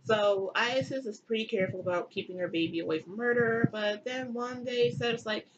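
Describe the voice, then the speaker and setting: A woman's voice: on the high side, fairly quick, muffled recording, background noise. A young woman retelling a myth in a giggly, irreverent comic style with crude asides. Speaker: comedic storyteller.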